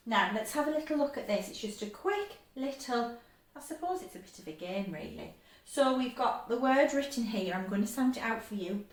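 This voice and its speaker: Woman teacher, highish voice, patient and upbeat phonics lesson, echoey room. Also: expressive. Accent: English. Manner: bright and encouraging, stretches sounds out slowly. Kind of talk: phonics lesson for young children.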